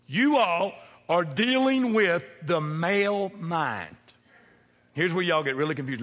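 Animated preacher with a husky voice. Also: male voice, a little high. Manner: joking, call-and-response questions to the congregation; animated, swinging from loud to hushed. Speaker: pastor. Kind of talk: sermon. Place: large church sanctuary. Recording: long hall reverb.

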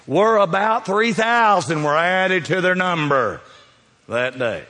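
A man's voice: high voice, expressive, slow, pushed and bright, in a large hall. A man preaching a sermon in a church sanctuary, folksy and dramatic, talking straight to the congregation.

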